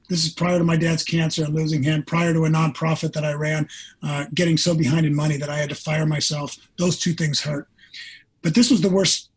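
A man's voice: on the high side, slightly rough. A middle-aged man, a former pro football player, telling an earnest personal story in an interview.

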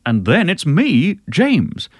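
A pleading letter writer with a broad put-on Southern American drawl, as a man reads it out. The voice swoops widely up and down and lands high on names, in a dry, close recording. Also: huge pitch swings, takes it slowly, husky, dry recording, full character voice. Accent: generic Southern American, put on.

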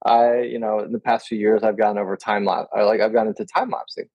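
A man's voice: on the low side, level tone, brisk, slightly rough, no echo, lo-fi sound. A man in a casual podcast conversation, chatty and enthusiastic, often quoting himself.

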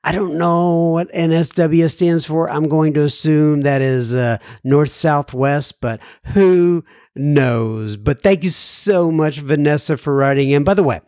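A man's voice: fairly high pitch, unhurried, no echo, studio quality. A man, hosting a podcast and chatting casually between listener letters. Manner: chatty, warm asides between read letters. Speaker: podcast host reading listener mail.

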